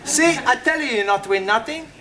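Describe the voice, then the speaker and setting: A man's voice: extremely high pitch, expressive, moderate pace, pushed and bright, exaggerated voice. An actor playing a cheerful Italian male student who speaks jovial broken English with Italian words, in a studio sitcom. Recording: hissy old TV sitcom recording.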